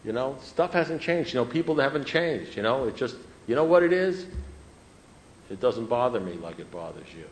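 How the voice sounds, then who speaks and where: A man telling his recovery story to an audience, animated, swinging from loud outbursts to quiet asides. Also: medium pitch, normal speed. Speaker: recovery speaker. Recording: echoey room, faint background noise.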